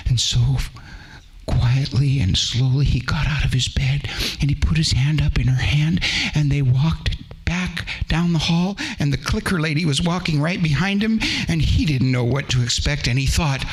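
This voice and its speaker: A man's voice: on the high side, normal speed, breathy edge. A man telling a Christmas story at a church program, reading expressively and shifting voices.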